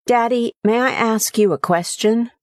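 Woman playing a small pleading five-year-old boy, high and eager, dry close sound. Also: unhurried, darkish tone, dry recording, close to an everyday voice. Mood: curious.

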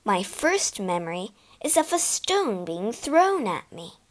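A woman's voice: mid-range voice, very animated, takes it slowly. A woman voicing a bitter, hurt young mare in a storybook, speaking in a sullen, resentful way. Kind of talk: storybook reading.

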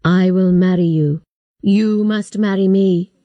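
A smug, menacing older man, as a woman reader puts him on, talking slowly and deliberately. His voice sits lower than the storyteller's own and stays dark and mellow. The recording is close and dry. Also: fairly even intonation, dry recording, lo-fi sound, close to an everyday voice. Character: menacing older man who forces a marriage.

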